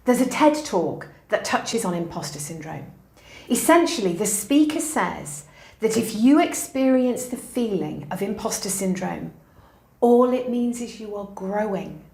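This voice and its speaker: Middle-aged woman, upbeat and emphatic, talking about confidence, mid pitch, roomy echo. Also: expressive, measured pace, creaky. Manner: warm, emphatic and encouraging. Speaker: university educator. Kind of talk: interview answers with anecdotes. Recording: echoey room.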